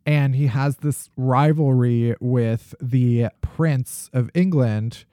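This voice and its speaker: A man's voice: mid-range voice, takes it slowly, dark tone, smooth, dry recording. Guy cohosting a podcast, jokey and self-deprecating, dry studio mic. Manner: playful, self-mocking. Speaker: podcast co-host. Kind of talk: casual chat.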